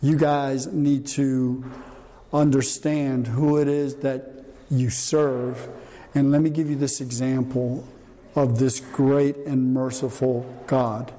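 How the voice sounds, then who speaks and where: A man's voice: mid-range voice, little pitch movement, slow pace, warm tone. Older male pastor in a reverberant hall. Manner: conversational, asks the room questions. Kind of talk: sermon with audience questions. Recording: long reverb in a hall, faint noise.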